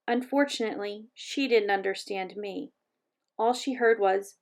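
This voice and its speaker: Reading a children's chapter book aloud, the woman uses a calm, measured storytelling manner and a mid-range voice.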